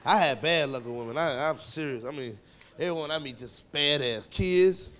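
A man performing profane, animated stand-up comedy storytelling on a club stage, with a laughing audience behind him. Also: a little high, moderate pace. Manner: profane, animated storytelling with shouted kid voices.

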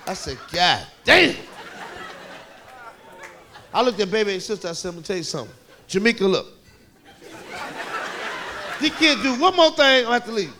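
High-pitched male comic, profane animated storytelling, live club crowd audible. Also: normal speed, pauses often, slight background noise. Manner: profane, animated storytelling with shouted kid voices. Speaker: stand-up comedian. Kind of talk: stand-up comedy storytelling. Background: audience laughter.

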